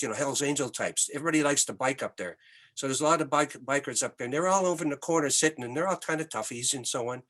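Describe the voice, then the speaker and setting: An older Canadian man, a musician guest, telling animated anecdotes in an interview with many restarts. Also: medium pitch. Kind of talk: storytelling interview.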